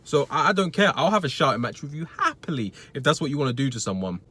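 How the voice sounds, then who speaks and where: A young man telling a blunt, swearing rant about a customer at work, acting out the argument in a lively way. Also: medium pitch, fast, husky. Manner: blunt, swearing, animated storytelling. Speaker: retail worker vlogger. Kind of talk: casual ranting story.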